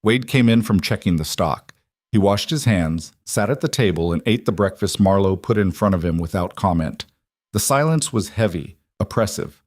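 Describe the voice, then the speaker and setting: Brief: male audiobook narrator, lowish voice, steady storytelling, dry close sound. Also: moderate pace, no room sound.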